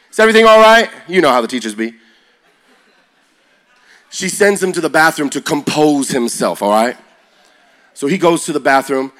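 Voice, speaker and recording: A man preaching to young people, telling stories with rising energy and shifting to a slow, quiet prayer. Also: mid-range voice. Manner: energetic, builds to loud excited peaks; slow and quiet when praying. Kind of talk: sermon storytelling.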